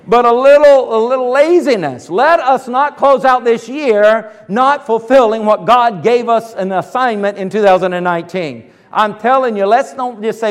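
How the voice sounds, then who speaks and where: A man preaching with a high, ringing voice, driving his points home with loud bursts and then dropping to hushed asides. His sermon rolls out through a long reverb, as if filling a large church sanctuary. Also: normal speed. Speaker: pastor.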